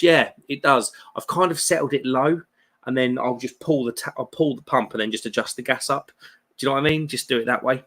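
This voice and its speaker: This is a mid-range male voice, bright and forceful in tone. The speaker, a British man in his thirties, hosts a beer live stream where he chats casually, reads viewer comments, and keeps a friendly, joking mood.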